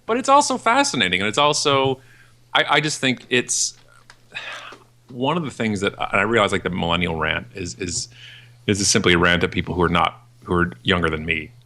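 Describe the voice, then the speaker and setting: A man in his forties, a podcast guest and keynote speaker, talking in a ranting, jokey way and acting out other people in a high voice. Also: animated, a little fast, bright, forceful tone. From Canada. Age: 40s. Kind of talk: animated podcast interview.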